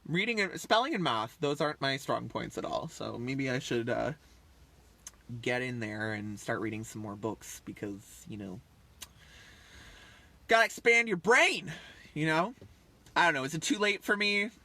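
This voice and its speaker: A man's voice: medium pitch, expressive, normal speed, vocal fry, pauses often, bright, forceful tone. A man in his thirties rambling casually on a livestream, chatty and full of fillers, often trailing off. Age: 30s. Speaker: livestream host.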